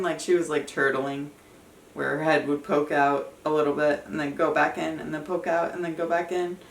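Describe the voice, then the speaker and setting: A young woman vlogging, retelling a personal story in a loose, chatty way full of fillers. Her voice is bright and a little forceful, set back from the mic in an echoey room. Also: sits low, steady tone, normal speed, recorded from a distance. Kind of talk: casual storytelling to camera.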